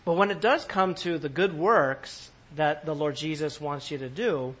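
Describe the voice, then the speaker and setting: A man's voice: a little high, measured pace. A man from California preaching a sermon in a church in New York, talking casually to the congregation with laughs and asides. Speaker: pastor.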